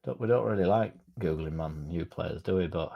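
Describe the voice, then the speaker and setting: A man's voice: deep voice, a little fast, creaky, husky, muffled recording. A man hosting a football fan channel, chatting casually in a rambling, sweary, self-mocking way.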